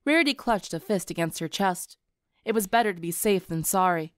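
A woman narrating a story for an audiobook in an expressive storytelling manner. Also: on the low side, fairly quick, no echo, studio quality. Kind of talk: audiobook narration of fan fiction.

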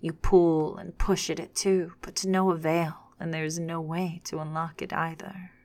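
A woman narrating a second-person story in a hushed, unhurried, often whispered reading. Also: low voice, level tone, no echo.

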